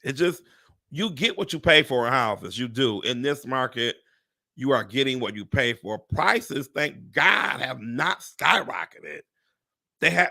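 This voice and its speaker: A gravelly, fairly high-pitched voice belongs to a real estate agent chatting with viewers on a live stream. He's lively and exclamatory, swearing and talking straight to "y'all."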